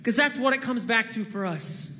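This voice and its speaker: A man preaching a sermon as pastor to his church, dramatic, moving between loud pleading and hushed, near-whispered lines. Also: very high-pitched, animated, moderate pace, big-room sound. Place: church sanctuary.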